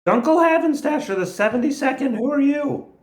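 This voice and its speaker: A player in a casual tabletop game, speaking bluntly and deadpan. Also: high-pitched, brisk. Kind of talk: casual tabletop role-play.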